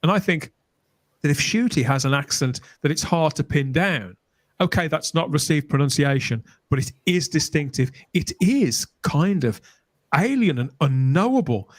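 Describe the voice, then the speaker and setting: A man, somewhat higher pitched, tells stories and makes his case articulately in a casual podcast chat. The sound is dry and close. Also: animated, moderate pace, no echo. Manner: articulate, storytelling.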